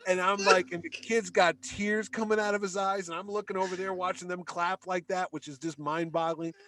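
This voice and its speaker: A man's voice: high-pitched, fairly quick. A middle-aged man telling a long story in casual podcast chat, humming music cues and acting out the crowd. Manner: animated storyteller, hums movie music, acts out crowd shouts.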